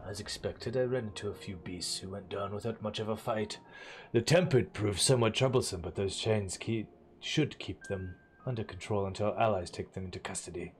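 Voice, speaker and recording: A man voicing a calm male ally who reports back in a soft, even way. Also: on the low side, normal speed, natural voice.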